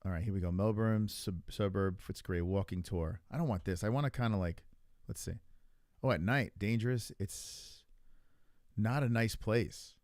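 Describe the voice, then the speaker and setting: A man's voice: on the low side, moderate pace, darkish tone, no room sound, studio quality. A man hosting a live stream, chatting casually and crudely with his viewers while reacting to videos. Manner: loose, rambling, crude, talks to chat. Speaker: streamer host.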